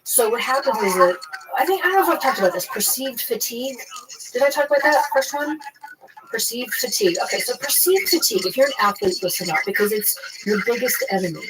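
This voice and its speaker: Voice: mid-range voice, big pitch swings, fast talker. A speaker in casual chat, explaining breathing and fatigue in a coaching tone. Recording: noisy background.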